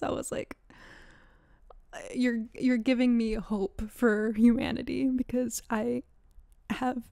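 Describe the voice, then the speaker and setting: A woman's voice: mid-range voice, creaky, a little mellow, no echo, clean studio sound. A young woman in her twenties hosting a podcast, telling a story in casual chat, laughing often, swearing and acting out quoted lines. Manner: laughs often, swears, many likes, dramatic quoted voices. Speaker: podcast host.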